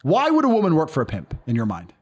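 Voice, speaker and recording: This man's voice sits a little high, swooping wildly in pitch, fast and a little mellow. As a guest on a casual podcast interview, he's blunt, emphatic and profane, frequently mimicking others' quoted speech with put-on voices.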